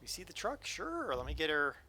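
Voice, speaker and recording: A man's voice: on the high side, huge pitch swings, brisk, bright, forceful tone, slightly rough. A man casually chatting with his viewers while playing a truck-driving game, joking around and explaining things as he goes. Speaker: streamer. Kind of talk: casual live gameplay chat. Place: home streaming setup.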